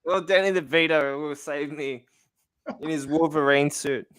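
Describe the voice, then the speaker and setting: A man with an Australian accent chatting casually on a podcast, laid-back and quick to laugh. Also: a little high, fairly even intonation, a loud crowd. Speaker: podcast co-host. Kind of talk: casual chat.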